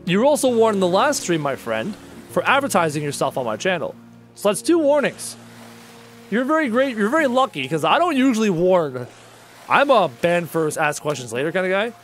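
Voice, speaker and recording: Animated high-voiced man streaming a game. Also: a little fast, faint music behind. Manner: casual, joking, addresses chat as dude. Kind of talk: live gameplay stream, chatting with viewers.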